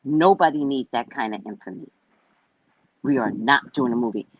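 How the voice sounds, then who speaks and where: A woman hosting a casual psychic livestream who tells stories in an animated, profane way. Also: rumbling low, normal speed, slightly rough, no echo. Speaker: psychic reader and host. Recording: dull lo-fi sound.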